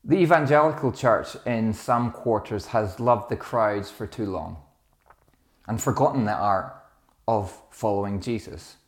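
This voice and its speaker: A man's voice: lowish voice, measured pace. A middle-aged man, a pastor, preaching a sermon in a reflective, conversational way, telling stories with small restarts.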